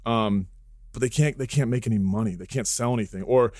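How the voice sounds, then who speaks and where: A man talks quickly and bluntly as a podcast guest, throwing in jokes and asides. His voice sounds close and dry, with no room echo at all. The delivery is relaxed and conversational. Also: mid-range voice. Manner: blunt, joking, full of asides. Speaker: podcast guest, fitness entrepreneur. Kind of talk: casual podcast chat.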